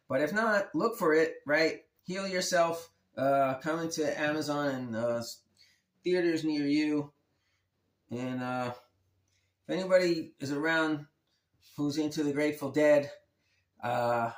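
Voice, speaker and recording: A man's voice: medium pitch, echoey room. A man hosting his own guitar channel, talking in a laid-back, rambling and slangy way. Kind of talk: rambling casual vlog.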